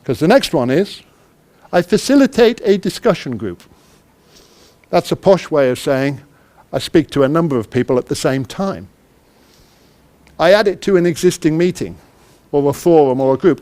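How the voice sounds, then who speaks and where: High-voiced man running an interactive workshop. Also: expressive, moderate pace, pauses often, mellow. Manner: quizzes the audience and acts out little dialogues. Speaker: conference speaker, project manager.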